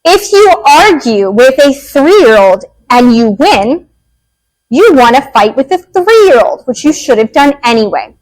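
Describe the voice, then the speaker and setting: A woman behavior analyst, herself a parent, giving a lively, joking workshop talk to parents. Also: high voice, rough recording. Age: adult parent. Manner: lively, joking, acts out quick quotes.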